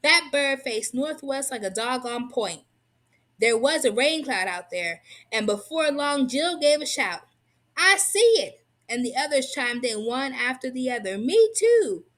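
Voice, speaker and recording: A woman reading a tall-tale children's book aloud in an expressive, lively storytelling manner. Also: high-pitched, a little slow. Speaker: reader.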